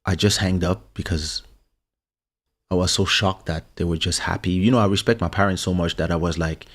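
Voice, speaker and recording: A man from Congo hosting a livestream as a musician, telling a personal story in a relaxed, halting way. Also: sits low. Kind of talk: casual storytelling chat. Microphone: studio microphone.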